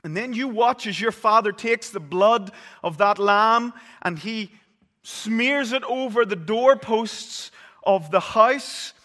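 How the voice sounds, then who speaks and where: A man preaching a sermon, telling the story vividly and swinging between loud, urgent passages and hushed ones. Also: high-pitched, takes it slowly. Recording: long reverb of a large hall.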